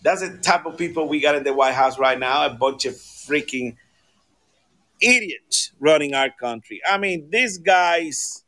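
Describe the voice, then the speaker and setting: A man's voice: on the high side, lively intonation, a little slow, pushed and bright. A man co-hosting a casual political talk show, ranting angrily and swearing often. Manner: profane, angry ranting. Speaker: podcast co-host.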